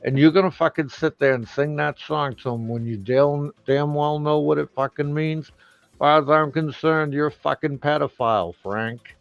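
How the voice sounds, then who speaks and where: A man hosting a live stream, delivering an angry, profane rant full of loud outbursts. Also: a little high, fairly even intonation, normal speed, gravelly, no room sound, lo-fi sound, soft background music. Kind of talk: profane ranting monologue.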